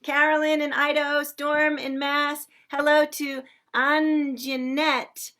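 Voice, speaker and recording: A woman's voice: high-pitched, flat delivery, slow, bright, forceful tone. A woman hosting a daily online sing-along, chattily welcoming viewers by name on a livestream from a room she shares with other singers. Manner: effusive and chatty.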